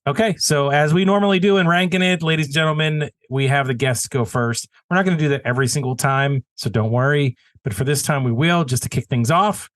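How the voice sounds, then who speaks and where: A man's voice: fairly high pitch, a little fast, few pauses, fairly bright tone, no echo. A man hosting a casual podcast, joking with his co-hosts and announcing categories in a mock-formal way. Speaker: podcast host.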